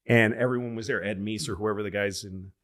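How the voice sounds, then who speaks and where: Lively low-voiced man telling stories. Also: brisk. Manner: animated storyteller acting out quotes in excited higher voices. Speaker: podcast host. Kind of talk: casual storytelling chat.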